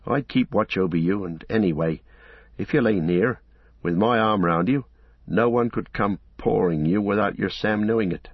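A loyal, stout-hearted servant talks in a homely, plain-spoken way, as a man plays him. The voice sits low and a little husky, and the read is close and dry with a slightly muffled top. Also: normal speed, no room sound. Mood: protective. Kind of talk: audiobook character voice.

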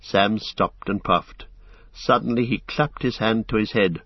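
A man narrating a fantasy storybook in a measured, even way. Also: fairly low pitch, husky, no room sound, muffled recording. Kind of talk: storybook reading.

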